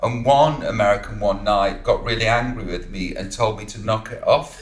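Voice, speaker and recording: A man's voice: lowish voice, moderate pace, echoey room. An English man in casual chat, asking questions and telling dry anecdotes. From England.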